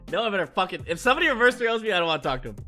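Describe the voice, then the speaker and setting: Hyped guy with a high, bright voice telling party stories on stream, faint music behind. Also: fast talker. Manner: excitable, swears, acts out quotes with big pitch swings. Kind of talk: animated storytelling recap.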